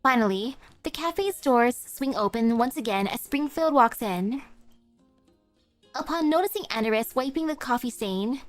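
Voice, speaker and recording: A woman's voice: a little high, no echo. A woman streamer narrating a game story aloud, with small slips and chatty asides.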